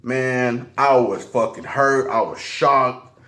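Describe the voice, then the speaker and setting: A man's voice: medium pitch, pushed and bright. A man telling a personal story while eating on camera, slangy and profane, often stopping and restarting. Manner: halting, restarts a lot. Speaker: mukbang vlogger.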